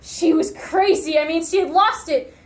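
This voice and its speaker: A young woman performing a dramatic monologue as an unhinged young loner raised by television, lurching between hushed murmurs and shrill outbursts. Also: normal speed, reverberant. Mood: frenzied. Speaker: speech competitor.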